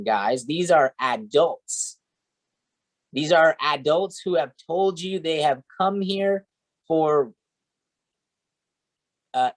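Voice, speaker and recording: Slow, coaching male sales trainer. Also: on the high side. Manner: coaching, repeats "right?" and "okay?". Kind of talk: training talk to a team.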